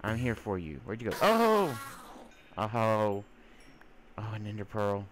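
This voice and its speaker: Chatty low-voiced man gaming. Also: fast, noisy background. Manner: rambling, chatty, filler-heavy; teasing baby-talk to game mobs. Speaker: gamer. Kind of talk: casual gameplay commentary.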